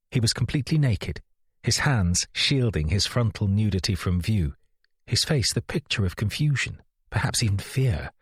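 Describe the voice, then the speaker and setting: A man narrates a first-person mystery thriller with measured, dramatic pacing. His voice sits low and carries a husky grain. The recording is dry and close, with no room sound. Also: no echo. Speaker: audiobook narrator.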